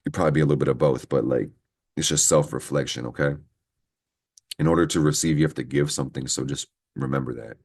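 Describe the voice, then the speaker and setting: An astrology reader gives his viewers a casual horoscope reading to camera, rambling, cursing, and venting heatedly. His voice is extremely low and husky with a darkish tone, steady in delivery and fast.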